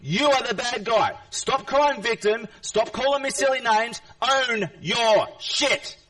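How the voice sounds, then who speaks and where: A man's voice: very high voice, moderate pace, a bit bright, distant mic, low-quality recording. A man in an angry, confrontational rant at a chat viewer during a live stream, repeating himself and swearing.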